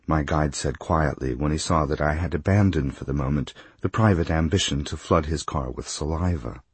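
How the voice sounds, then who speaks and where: A man's voice: deep voice, a little mellow, husky, no echo. A man reading a humorous travel memoir aloud, with a dry, wry comic delivery. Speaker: narrator.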